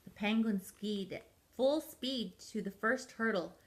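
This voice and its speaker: Slow-reading grandmother storyteller. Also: mid-range voice. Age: older. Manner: gentle, unhurried reading. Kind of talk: storybook read-aloud.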